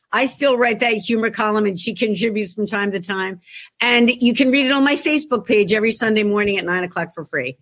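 A woman's voice: mid-range voice, brisk, a bit bright. A middle-aged woman with a Philadelphia accent, an author chatting over a laptop video call from her home work room in a jokey, self-mocking way. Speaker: author guest. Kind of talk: casual chat.

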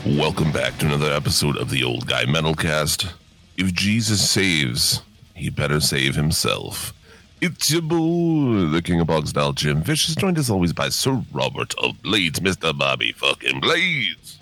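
Gravelly-low groggy morning-voiced man. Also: very animated, normal speed, pushed and bright, faint music behind. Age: middle-aged. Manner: swearing, laid-back, laughs often. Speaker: podcast host. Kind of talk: casual chat.

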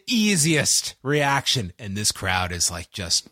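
A man co-hosting a wrestling chat show, his pitch swinging widely as he recaps with a sarcastic edge. The recording is dry and close, with no room sound. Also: huge pitch swings, slow pace, bright, forceful tone, no room sound. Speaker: wrestling podcast co-host. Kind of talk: casual chat.

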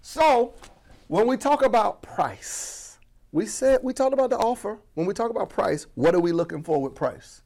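A man from Florida coaching on business, talking to the audience as family with a playful, animated delivery. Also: high voice, moderate pace. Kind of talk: energetic motivational teaching.

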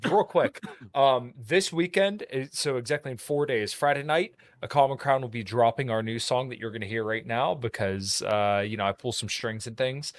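A man's voice: medium pitch, normal speed, dry recording. A man, a musician and podcast host, plugging his work in a casual, rambling way full of fillers. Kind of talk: casual chat.

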